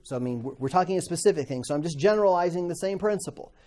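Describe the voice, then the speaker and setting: A man's voice: sits high, lively intonation, racing, mellow. A middle-aged man teaching a Bible class in a conversational way, asking the class questions and acting out quoted voices.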